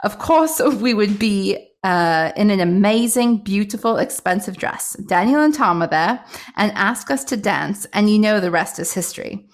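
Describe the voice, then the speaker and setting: A woman's voice: medium pitch, lively intonation, moderate pace, close to an everyday voice. Woman doing a giddy mock-British teen girl. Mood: gushing. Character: gushing teenage girl writing a fan diary.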